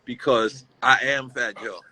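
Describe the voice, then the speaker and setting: A man's voice: mid-range voice, measured pace, pushed and bright, poor audio. A man speaking as a guest in a casual, heartfelt conversation. He tells a story with feeling and repeats himself often. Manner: emotional, repetitive, storytelling.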